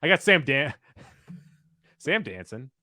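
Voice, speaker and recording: A man co-hosting a podcast in casual chat, briskly announcing entries of a countdown. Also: medium pitch, big pitch swings, pushed and bright, no echo, clean studio sound. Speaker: podcast co-host.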